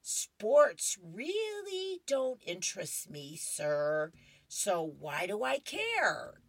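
A woman's voice: medium pitch, huge pitch swings, very slow, no room sound, pitched above the performer's own voice, exaggerated voice. A woman voicing a prim, bookish comic-strip girl who talks in a matter-of-fact way.

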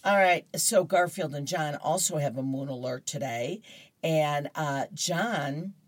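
Middle aged lady host, low husky voice, slow and chatty. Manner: chatty, laughs easily. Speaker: host reading horoscopes and comics. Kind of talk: casual radio-style chat.

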